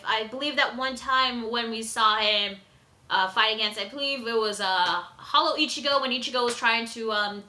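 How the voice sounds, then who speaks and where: Excitable laughing woman with a bright voice. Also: high-pitched. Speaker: manga reviewer. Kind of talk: casual review vlog. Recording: echoey room.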